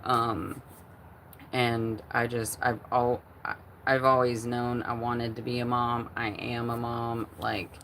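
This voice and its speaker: Slow, gravelly-voiced woman livestreaming. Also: rumbling low, flat delivery, a bit bright, a little hiss or hum. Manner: chatty, rambling with many fillers and restarts. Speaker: livestream host. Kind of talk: casual livestream chat, reading chat aloud.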